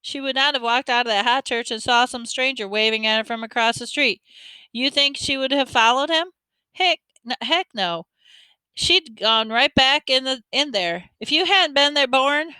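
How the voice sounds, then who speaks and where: A woman's voice: sits high, normal speed, sharp tone, smooth, no echo, voice pushed up. A woman reader voicing a tough teenage boy who talks slangy and bossy to his little brother. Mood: scolding. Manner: slangy, scolding, street talk.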